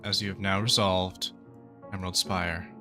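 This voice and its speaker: A man narrating as game master of a tabletop game, in a measured storytelling manner. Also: deep voice, little pitch movement, sharp tone, faint music behind.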